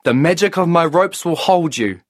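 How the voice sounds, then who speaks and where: A man's voice: a little high, expressive, normal speed, no echo, clean studio sound, voice pushed up. Man voicing an earnest young trickster hero. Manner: earnest, rhyming, grand.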